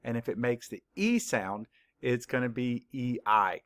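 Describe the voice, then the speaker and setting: A man teaching a children's spelling lesson, spelling words slowly, letter by letter, with clear, patient instructions. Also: mid-range voice, fairly bright tone. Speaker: third-grade teacher.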